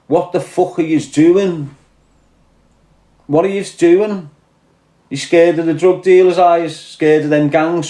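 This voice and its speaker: A man's voice: on the high side, a little mellow. A man with a Liverpool Scouse accent delivering a blunt, profane, heated monologue, urging his listeners on. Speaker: podcast host. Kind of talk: impassioned monologue to camera. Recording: roomy echoey room.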